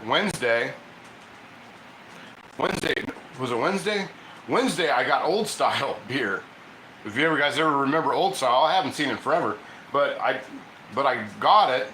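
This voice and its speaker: A man's voice: mid-range voice, sharp tone, slight background noise. Chatty man in an echoey kitchen. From Ohio. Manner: rambling, chatty, reads viewer comments aloud. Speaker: cooking livestream host. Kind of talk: casual livestream chat while cooking.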